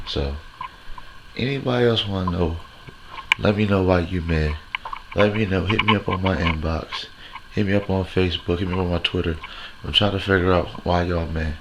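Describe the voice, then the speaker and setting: A deep-voiced man with a gravelly, creaky edge rants brashly and profanely, hosting his own comedy bit straight to the camera. His talk rambles along on repeated catchphrases, over a noisy hiss in the recording. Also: normal speed. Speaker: host of a comedy segment. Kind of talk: crude stand-up style rant to camera.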